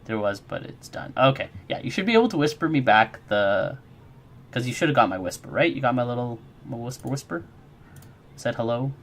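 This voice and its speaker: A man's voice: medium pitch, expressive, brisk. A man streaming his game development work, chatting casually with viewers in a rambling, friendly, encouraging way and answering chat.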